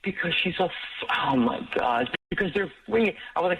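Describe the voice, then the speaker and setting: A man's voice: a little high, brisk, pushed and bright, breathy edge, recorded from a distance. A man on a phone call, defensive and stammering, pleading his case. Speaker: caller.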